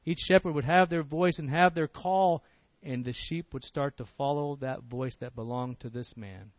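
A man's voice: a little high, moderate pace, dry recording, dull audio. A man preaching a sermon in an earnest, emphatic way, often repeating words as he restarts a phrase.

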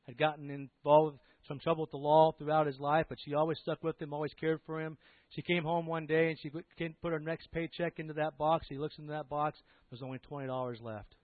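A man delivering a sermon in a slightly high voice, storytelling with emphatic swells and hushed low drops. The sound is thin and tinny like a phone line. It is dry, with no room echo. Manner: storytelling, rising to emphatic peaks then dropping low and soft. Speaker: preacher.

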